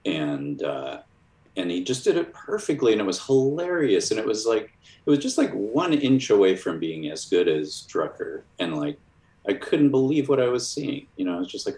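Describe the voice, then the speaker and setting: A man from Chicago with a deep, low voice tells stories in a loose, rambling way, full of fillers and restarts. He is a guest in a casual interview. The recording has a roomy echo. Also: very animated, normal speed, a little mellow. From Chicago, USA. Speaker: cartoonist guest. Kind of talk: casual storytelling.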